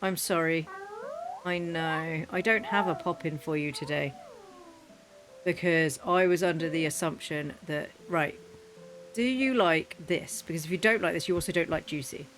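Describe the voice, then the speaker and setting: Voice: mid-range voice, moderate pace, music in the background. A gaming host giving casual gameplay commentary, chatting away, talking to the game's animals and breaking into mock-furious rants.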